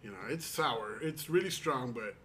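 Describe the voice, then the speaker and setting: A man's voice: medium pitch, expressive, normal speed, a bit bright, a little hiss or hum. A man with in his speech, telling stories in a rambling, casual chat with friends. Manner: rambling storyteller, many restarts and quoted asides.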